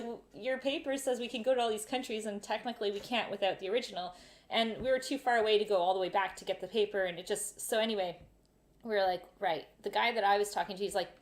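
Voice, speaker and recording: A woman hosting a casual live Q&A, telling travel stories with animated acted-out voices. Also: medium pitch, quick pace. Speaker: travel vlogger, live Q&A host. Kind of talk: casual live-stream storytelling.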